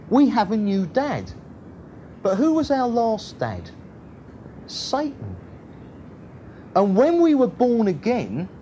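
A man preaching a sermon, shifting between loud emphasis and quiet, low asides. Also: slight background noise. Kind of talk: sermon, Bible teaching.

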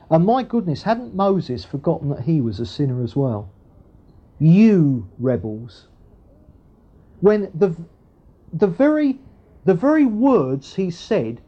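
A man's voice: on the high side, mellow. A man preaching a sermon and reading scripture aloud. He talks in a conversational way, with frequent asides and tag questions. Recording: dull lo-fi recording.

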